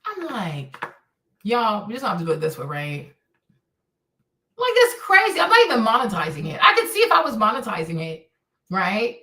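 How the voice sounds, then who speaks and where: A chatty, exasperated woman streaming her commentary live, talking in a bright, lively voice full of slang. She sits back from the mic in an echoey room. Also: medium pitch, fairly quick, recorded from a distance.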